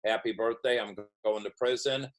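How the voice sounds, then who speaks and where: A man's voice: fairly low pitch, steady tone, fairly quick, poor audio. A middle-aged man, a podcast guest, telling his recovery story and acting out other people's dialogue. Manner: storytelling, acts out quoted dialogue. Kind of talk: recovery story told in an interview.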